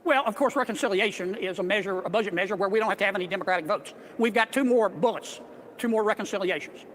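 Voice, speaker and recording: An older senator with a high, sharp voice. He talks quickly but haltingly, stopping and restarting with filler words. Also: a little hiss or hum. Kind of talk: press remarks.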